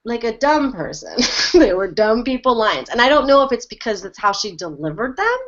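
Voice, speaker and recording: A woman's voice: a little high, big pitch swings, moderate pace, a bit bright, dull audio. A woman co-hosting a casual fan chat, rambling with lots of "like". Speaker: podcast co-host.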